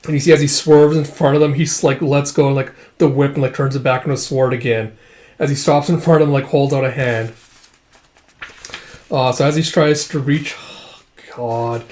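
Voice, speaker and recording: A man's voice: medium pitch, fairly even intonation, moderate pace, darkish tone. A man casually reading through a manga and narrating the action, with rambling, profane asides. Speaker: manga reader. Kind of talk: casual read-through with commentary.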